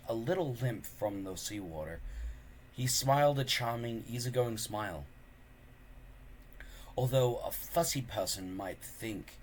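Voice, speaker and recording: A man reading a children's book aloud with expressive, unhurried storytelling. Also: fairly low pitch, slight background noise. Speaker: reader.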